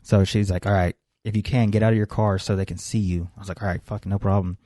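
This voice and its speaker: Profane young man telling a story, mellow. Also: lowish voice, little pitch movement, quick pace, no echo, studio quality. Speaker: podcast co-host. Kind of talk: casual storytelling chat.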